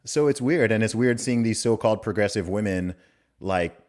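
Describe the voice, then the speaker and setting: A man's voice: lowish voice, moderate pace. A man hosting a podcast conversation, talking emphatically and repeating his points. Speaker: podcast host. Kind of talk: casual conversation.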